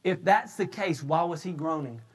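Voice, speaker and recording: High-voiced preacher, shouting then casual. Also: male voice, animated, moderate pace, breathy edge. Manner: shouts emphatic points, then drops into casual storytelling; loose, conversational retelling with frequent restarts. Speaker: pastor. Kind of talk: sermon.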